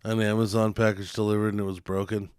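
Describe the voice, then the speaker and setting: A man's voice: fairly low pitch, level tone, fast, a little mellow, clear, resonant tone, no room sound, studio quality. A man co-hosting a podcast, telling laid-back stories in casual chat, swearing and full of fillers. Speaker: podcast co-host.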